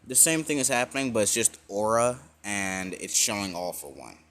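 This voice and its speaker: A man's voice: lowish voice, moderate pace, a bit bright. A man casually retelling a fan-made story, rambling with many fillers and self-corrections.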